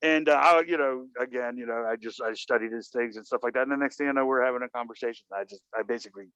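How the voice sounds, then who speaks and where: A man's voice: mid-range voice, quick pace, fairly bright tone, smooth, no room sound. A man in mid-range voice spins a meandering personal story, leaning on "you know" and slipping into the voices of the people he quotes. The recording is dull and lo-fi, with a dry, close sound. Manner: rambling, many "you know" fillers, acts out quoted dialogue. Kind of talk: casual conversational storytelling.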